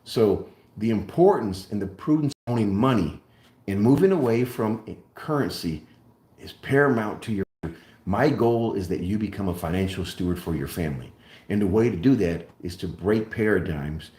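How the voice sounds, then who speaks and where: A man's voice: fairly low pitch, mellow. Emphatic man lecturing in an echoey room. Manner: emphatic, deliberate, repeats key points like a lecturer. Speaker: host. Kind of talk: live-stream monologue on precious metals.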